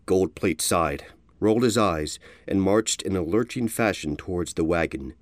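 A man giving an expressive storybook narration. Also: deep voice, moderate pace, no echo, studio quality.

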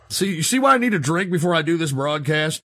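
A man's voice: on the high side, expressive, measured pace, fairly bright tone. A man hosting a comedic radio call-in show, ranting in exasperated, profane outbursts. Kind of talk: comedic rant between calls.

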